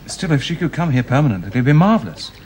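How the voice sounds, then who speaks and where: A man's voice: on the high side, big pitch swings, fast talker, a little mellow, slight background noise, poor audio. A keen young Englishman.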